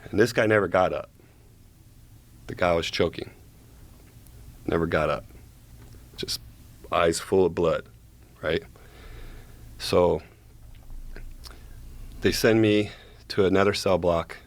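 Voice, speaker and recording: A man's voice: deep voice, fairly even intonation, slow, gravelly, long pauses, no echo. A man casually telling a long story as a guest, profane and rambling, checking in with "right?" as he goes.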